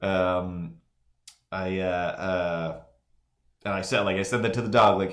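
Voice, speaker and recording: A man's voice: low voice, steady tone, normal speed, roomy sound. A man telling a long anecdote during a live drawing stream, rambling with many "like"s and restarts and acting out the people in his story. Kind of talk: casual anecdote.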